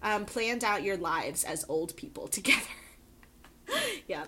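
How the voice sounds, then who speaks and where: A woman co-hosting a podcast in casual chat, laughing often and filling pauses with ums. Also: fairly low pitch, animated, pushed and bright. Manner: giggly, lots of ums and laughs. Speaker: podcast co-host.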